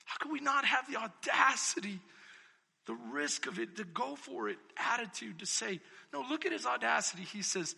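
A male pastor preaching a sermon, moving between shouted, emphatic passages and hushed, intimate reflection. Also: very high-pitched, sing-song, moderate pace, vocal fry, slightly rough, in a large hall.

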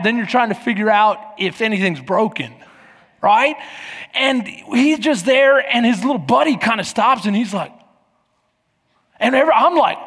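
Preacher, high gravelly voice, lively storytelling, echoey sanctuary. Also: male voice. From Texas. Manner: animated, acts out quoted voices. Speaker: pastor. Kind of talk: sermon with storytelling. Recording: echoey hall.

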